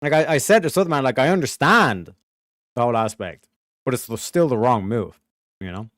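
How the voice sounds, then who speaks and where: A man hosting a show, giving a blunt, profane and animated commentary rant. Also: mid-range voice, normal speed, dry recording, studio quality. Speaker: show host.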